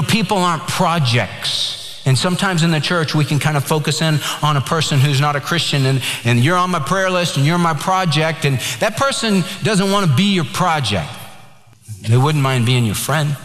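A man's voice: on the high side, a bit bright. Preaching man in an echoey hall. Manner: earnest preaching, tells jokes and quotes scripture. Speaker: pastor. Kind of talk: sermon. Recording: echoey hall with long reverb.

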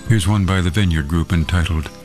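Deep-voiced man hosting a devotional radio program. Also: brisk, over music.

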